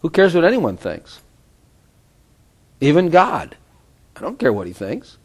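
A man's voice: fairly high pitch, huge pitch swings, a little slow, darkish tone. A middle-aged man giving an informal sermon, rambling with conversational asides and frequent chuckles. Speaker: preacher.

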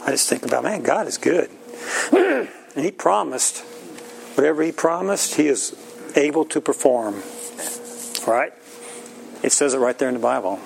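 Gravelly middle-aged man preaching folksy. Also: fairly high pitch, expressive, normal speed, long pauses, a little hiss or hum, low-quality recording. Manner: folksy, plain-spoken, laughs often. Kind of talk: informal sermon.

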